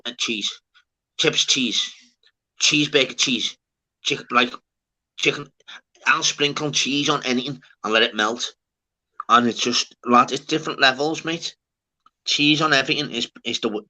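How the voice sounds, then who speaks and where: A bright, forward-voiced man from the north of England rambles away in laddish chat, swearing freely. He talks like a livestream host chatting with his viewers and his co-host. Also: medium pitch. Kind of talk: casual chat.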